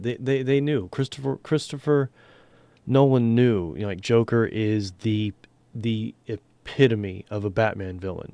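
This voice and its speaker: Male streamer, casual and self-interrupting, fairly low pitch. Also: darkish tone, dry recording. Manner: rambling, self-interrupting, drops to a whisper at times. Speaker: streamer and voice actor. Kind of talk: casual livestream chat.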